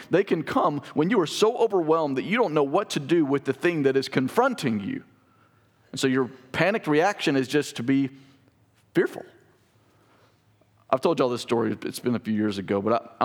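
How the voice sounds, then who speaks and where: A young man preaching a sermon, who tells personal stories with animated voices and drops to a soft, intimate tone. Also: mid-range voice. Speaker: pastor.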